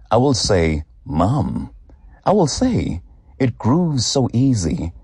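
Low, husky man reading slowly. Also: dry recording, studio quality. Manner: slow, deliberate, expressive delivery. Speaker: guest reader. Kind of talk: emotional reading of a personal essay.

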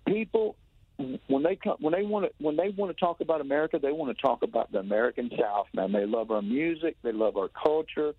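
Calling in by telephone, a touring musician from Tennessee speaks with a Southern accent in a fairly high, brisk, husky voice. The casual radio interview finds him rambling excitedly and restarting often, heard through a tinny, dry phone line.

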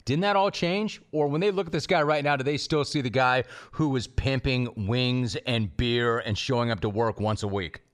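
A man's voice: mid-range voice, normal speed, hardly any pauses. Pointed male sports talk host. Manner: pointed, provocative questions.

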